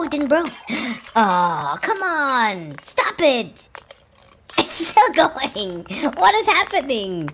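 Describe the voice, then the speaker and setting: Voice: extremely high pitch, a bit bright, a little hiss or hum. A reaction video host who exclaims, gasps and giggles at clips and makes up rhyming nonsense words. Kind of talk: excited reaction commentary. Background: music from the clips.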